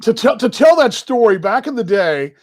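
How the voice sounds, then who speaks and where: An American man hosting a live baseball talk show, chatty and energetic, rambling with fillers. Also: very high voice, moderate pace, crowd noise. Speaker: podcast host. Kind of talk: casual live sports talk.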